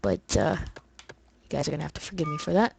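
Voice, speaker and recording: A young woman with a New York accent talks through a video game in a low, easygoing voice. Her commentary rambles along in casual asides, and she often pokes fun at her own gaming skills. She is recorded close on a desk mic. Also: big pitch swings, fairly quick, vocal fry, darkish tone, a little hiss or hum, poor audio. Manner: chatty, rambling, self-deprecating. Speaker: let's play host.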